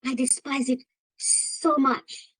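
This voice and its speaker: A woman's voice: sits high, level tone, slow, a bit bright, breathy edge, rough recording. A woman with an African accent hosting a commentary vlog, emphatic and given to repeating phrases and exclaiming. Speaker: host.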